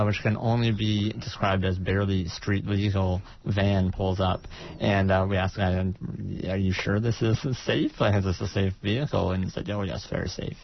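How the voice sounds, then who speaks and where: Gravelly-voiced man telling a story. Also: low voice, dull audio. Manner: storytelling with many filler uhs. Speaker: guest. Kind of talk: casual radio interview.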